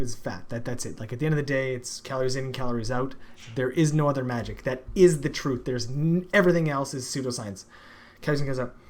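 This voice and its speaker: A man, a father, hosting a stream and ranting emphatically about food with lots of swearing. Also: medium pitch. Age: adult father. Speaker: streamer, show host. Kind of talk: casual profane chat.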